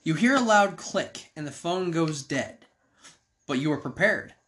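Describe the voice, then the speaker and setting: A man's voice: fairly high pitch, expressive, unhurried, a little hiss or hum. A man reading a choose-your-own-adventure card game aloud to friends, breaking off for joking asides. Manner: joking asides between read passages. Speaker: game reader.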